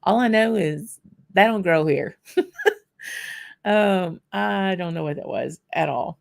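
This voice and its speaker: Gravelly woman. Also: lowish voice, slow. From Louisiana. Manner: chatty, answers viewers by name while tasting. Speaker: whisky channel host. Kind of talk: casual livestream chat.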